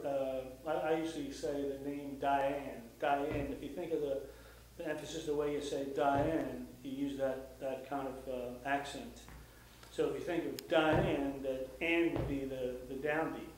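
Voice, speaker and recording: A man teaching jazz guitar rhythm, explaining calmly with fillers and scatting the beats aloud. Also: mid-range voice, slight background noise. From United States. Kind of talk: instructional guitar lesson. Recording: echoey room, mic at a distance, guitar playing.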